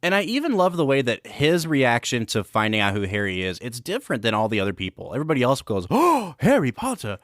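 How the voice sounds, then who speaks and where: A man's voice: medium pitch, sing-song, fast talker, hardly any pauses, fairly bright tone, no echo, studio quality. A man co-hosting a film and whiskey podcast, talking through a movie in casual, enthusiastic, analytical chat. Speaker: podcast co-host.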